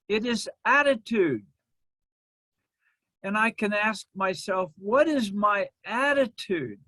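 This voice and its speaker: A man with a fairly high voice preaches in a slow, deliberate rhythm. He lets his phrases settle with pauses between them. His voice is close and dry, with no room sound. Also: a bit bright, no echo. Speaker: minister. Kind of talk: sermon.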